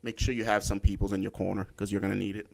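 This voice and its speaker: Male co-host, earnest and encouraging, low and monotone. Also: very fast, creaky. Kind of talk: casual live-stream advice talk.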